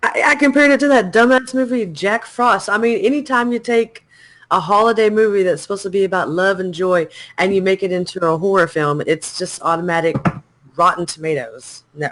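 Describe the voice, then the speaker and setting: A woman's voice: mid-range voice, brisk, a bit bright. Woman, podcast co-host, casual chat, blunt, joking, laughs easily.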